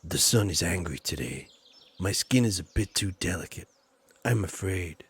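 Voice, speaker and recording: Man doing a low, mournful young male poet from a farming game, languid and self-pitying, husky. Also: expressive, moderate pace, fairly bright tone, heavily acted. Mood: melancholy.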